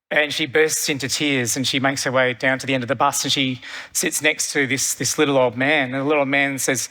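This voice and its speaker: An Australian creative director, a middle-aged man, gives an energetic keynote on a large conference hall stage, telling stories and repeating phrases for effect. His voice is a little high, a little fast, pushed and bright. The big hall adds long reverb.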